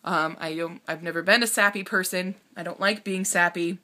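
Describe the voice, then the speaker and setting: A young woman in her twenties talking to camera in a personal vlog, on the verge of tears, halting and emotional, with nervous laughs and sighs. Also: fairly low pitch, fairly even intonation, sharp tone. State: tearful, on the verge of crying. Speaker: vlogger.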